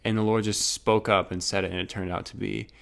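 A man's voice: on the low side, flat delivery, fairly quick, gravelly, a bit bright. A young man animatedly telling a personal story in casual chat, acting out his own past words.

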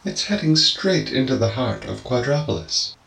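A man voicing a calm, polite robotic butler with a formal, gentle manner. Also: medium pitch, moderate pace, roomy sound, soft background music, voice pushed up.

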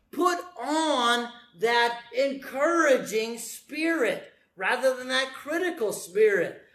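High, bright-voiced preacher man. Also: reverberant. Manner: animated, repeats phrases for emphasis, playful asides. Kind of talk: sermon.

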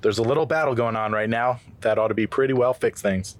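A man reading a cocky roguish suitor, loud. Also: mid-range voice, fast, voice pushed down, natural voice. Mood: teasing. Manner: loud, near-yelled line reading. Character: cocky, roguish man courting a young woman. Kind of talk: casual read-through of a film scene.

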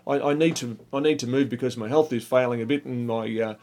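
A man's voice: mid-range voice, quick pace, darkish tone, natural voice. A man voicing a cheerful, frail male traveller who stumbles over his words. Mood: fond. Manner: gushing, stumbling.

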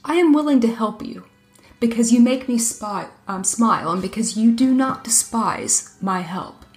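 A woman's voice: a little high, lively intonation, normal speed, faint music behind, lightly acted. A woman voicing an old crone enchantress who cackles and speaks shrewdly in a storybook reading.

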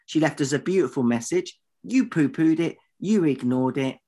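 A man's voice: a little high, normal speed, mellow, husky. A man co-hosting a podcast in casual banter, teasing his partner in mock exasperation. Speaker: podcast co-host.

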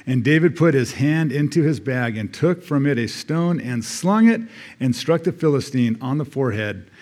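A man's voice: medium pitch, expressive, normal speed, a little mellow. An American man, a church elder, giving a conversational sermon, reading scripture aloud and adding casual asides.

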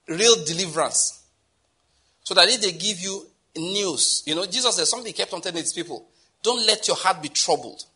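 A man's voice: high-pitched, pushed and bright, slightly rough. A Nigerian man preaching a sermon as pastor, in a conversational way with repeated words and chuckles.

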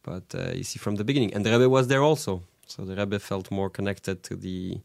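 A man with a somewhat low voice and a gravelly edge talks as a guest in an interview. He stops and restarts often while he searches for his words. The sound is dry and close. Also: steady tone, fairly quick, darkish tone, dry recording. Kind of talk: conversational interview.

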